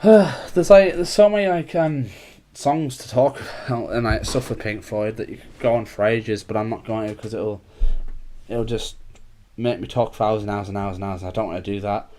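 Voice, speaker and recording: A man's voice: lowish voice, normal speed, mellow. A young man, chatting casually as a podcast host, rambling with lots of filler words. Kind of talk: casual chat.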